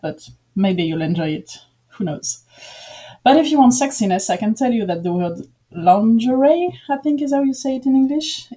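A woman from France with a French accent, leaving a friendly, playful voicemail. Her voice is mellow and a little husky. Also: medium pitch. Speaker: voicemail caller. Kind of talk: recorded voicemail message.

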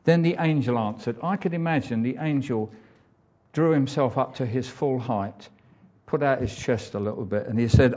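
A man's voice: mid-range voice, moderate pace, warm tone. An older man preaching a conversational sermon, reading scripture aloud and reflecting on it. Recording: dull lo-fi church recording.

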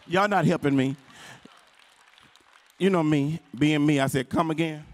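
A man preaching a sermon as pastor. He swings between loud, sung, shouted passages and hushed, intimate stretches, and calls out to the congregation. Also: a little slow. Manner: rising into shouted, sung preaching with call-and-response; drops to a low, intimate delivery.

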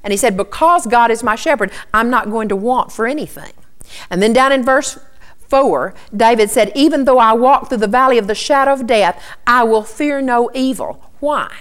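A woman's voice: a little high, normal speed. A middle-aged woman preaching a sermon, earnestly teaching and quoting scripture to her listeners. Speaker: Bible teacher.

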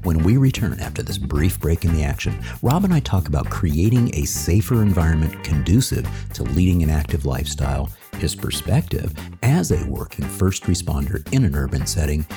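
Very deep-voiced man over music. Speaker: podcast host. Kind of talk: scripted podcast intermission.

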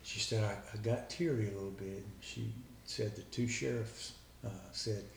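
A man's voice: fairly low pitch, fairly even intonation, normal speed, gravelly, far from the mic, a little hiss or hum. Earnest man in an echoey room. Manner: earnest, retells a conversation line by line. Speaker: guest. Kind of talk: personal storytelling. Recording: echoey room with faint background ambience.

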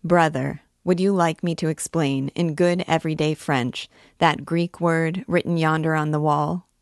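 A merry, impudent young student, as a woman reads him aloud, cheeky and careless in how he talks. The voice is low and sounds dry and close. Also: fairly even intonation, a little slow, no room sound. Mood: bold.

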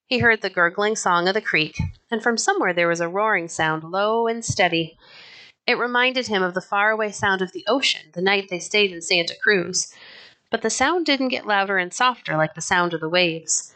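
A woman narrating a children's novel chapter aloud in an even, unhurried storytelling manner. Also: on the low side. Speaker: audiobook narrator.

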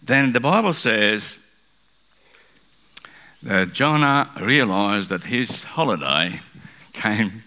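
A male pastor preaching a sermon, telling a story in an animated way. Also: fairly low pitch, takes it slowly, pauses often.

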